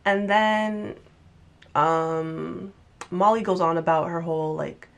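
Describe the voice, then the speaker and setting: Speaking casually to the camera, a young woman recaps a TV show in a chatty, lively manner. Her voice sits a little low and gravelly, and she takes her time, putting on exaggerated voices for quoted lines.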